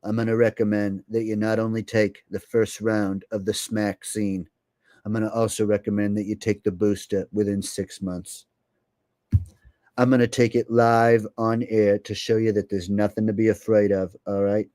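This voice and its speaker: A man doing an impression of an older male politician giving a grave televised appeal, speaking slowly and solemnly. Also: lowish voice, flat delivery, warm tone, dry recording, clean studio sound, close to an everyday voice. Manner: slow, solemn, drawn-out delivery.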